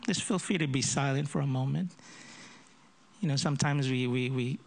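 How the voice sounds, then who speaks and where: A man's voice: medium pitch, normal speed, creaky. A man in his fifties with a Filipino accent shaped by growing up in America, an associate pastor leading prayer and telling jokes about himself from the pulpit. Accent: Filipino with American influence. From Philippines. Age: 50s. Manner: self-deprecating jokes, repeats words when starting. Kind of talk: sermon with prayer and humorous introduction.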